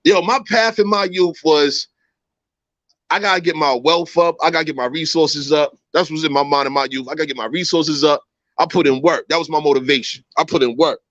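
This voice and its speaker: A man in his thirties hosting a casual livestream chat, talking in an animated, slangy way. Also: fairly high pitch, fairly quick, no room sound, lo-fi sound. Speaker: host. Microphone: phone.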